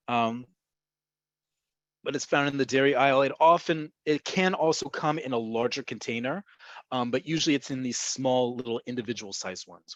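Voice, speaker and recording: A man's voice: mid-range voice, dry recording. A man teaching a Hebrew vocabulary lesson over a video call, explaining words in a chatty way with frequent ums. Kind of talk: online language lesson. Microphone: video call microphone. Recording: slightly dull lo-fi call audio.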